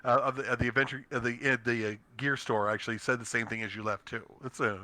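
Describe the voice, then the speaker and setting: A man's voice: mid-range voice, fairly even intonation, fast talker, bright, forceful tone, no room sound. A man running a tabletop game as dungeon master, narrating with many fillers, restarts and easy laughs. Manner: laughs easily.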